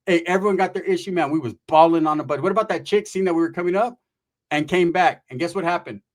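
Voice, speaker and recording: A man tells a story casually, rambling and swearing freely. His voice sits slightly high for a man, and he slips into other people's voices as he goes. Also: fast. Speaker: storyteller, host.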